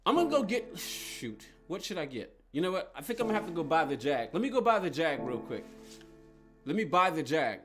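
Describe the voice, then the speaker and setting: A man's voice: on the high side, big pitch swings, fairly quick, fairly bright tone, soft background music. A man streaming a racing game, chatting casually with viewers and thinking aloud as he plays. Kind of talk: casual live-stream chat while playing.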